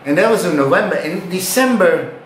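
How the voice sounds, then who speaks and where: An older man spins a yarn, his pitch leaping up and down as he acts out his own reactions. He sits on the high side for a man and swears freely. The room gives his voice a noticeable echo. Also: lively intonation, a little fast, slight background noise. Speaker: retired bodybuilder. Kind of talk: casual storytelling. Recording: roomy echo.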